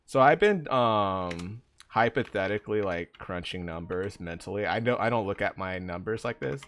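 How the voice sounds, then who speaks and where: A man's voice: fairly low pitch, animated, moderate pace, fairly bright tone, a little hiss or hum. A young man chatting casually on a live gaming stream, rambling with lots of fillers as he answers chat.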